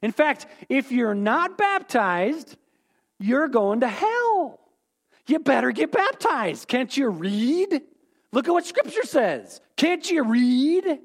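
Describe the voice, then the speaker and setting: A man's voice: very high-pitched, sing-song, slow, pitched above the performer's own voice, exaggerated voice. A man voicing a stern preacher who scolds listeners and insists on baptism. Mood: scolding.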